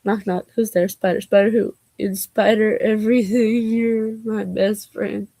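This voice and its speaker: A woman's voice: medium pitch, fairly even intonation, unhurried, mellow, dry recording. A woman vlogger reading knock-knock jokes aloud, taking both parts herself and breaking off for giggly asides.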